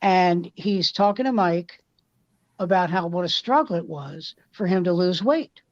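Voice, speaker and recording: Female comedian, lively anecdote teller, muffled dry recording. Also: fairly low pitch, a little slow, dry recording. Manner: animated anecdote telling with quoted voices. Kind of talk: casual storytelling chat.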